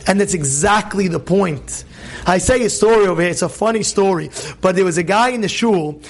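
Animated high-voiced rabbi telling stories. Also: male voice, fairly quick. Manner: animated storyteller, acts out voices, asks audience questions. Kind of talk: informal sermon with stories. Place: synagogue event hall.

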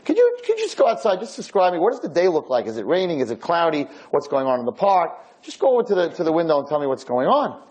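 A man's voice: on the high side, wildly swooping pitch, fast, hardly any pauses, darkish tone, slightly rough, heavily acted, low-quality recording. A man doing a heartfelt old blind man. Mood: urgent. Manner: pleading, heartfelt, insistent. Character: elderly blind man in a nursing home, devoted and emotional.

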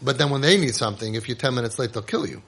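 A man giving a casual spoken lecture as a parenting coach. He talks emphatically, repeats himself, restarts often and acts out quick exchanges. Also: medium pitch, vocal fry, a bit bright, a little hiss or hum. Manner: emphatic and repetitive, with many restarts and quick asides; acts out short exchanges between parents and kids.

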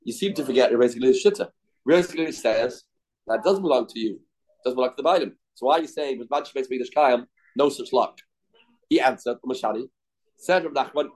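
A man's voice: medium pitch, quick pace, darkish tone, poor audio. A man teaching a daily Talmud class. He explains in short, repeated phrases and asks rhetorical questions.

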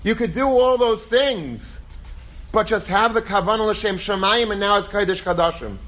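A man teaching a Torah class as a rabbi, telling stories in a lively way and acting out quoted voices. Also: high-pitched, normal speed. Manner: animated, acts out quoted voices; lively storytelling, peppered with Hebrew and Yiddish terms.

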